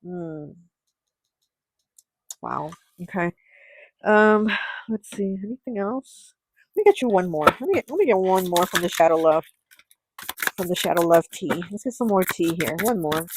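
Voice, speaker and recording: A woman giving a pick-a-card tarot reading, musing aloud with frequent surprised exclamations and often sinking to a soft murmur. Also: fairly low pitch, lively intonation, moderate pace, long pauses, noisy background. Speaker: tarot reader.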